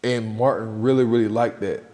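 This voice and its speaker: A man hosting a podcast, casually retelling film scenes in a loose, animated way and acting out the quotes. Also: fairly low pitch, moderate pace. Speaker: podcast host. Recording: long reverb with faint music.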